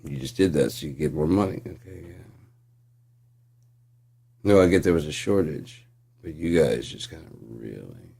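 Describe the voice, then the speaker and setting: A man's voice: rumbling low, animated, moderate pace, gravelly, pauses often, dark tone, breathy edge. A man ranting in a casual, profane, sarcastic monologue as a channel host.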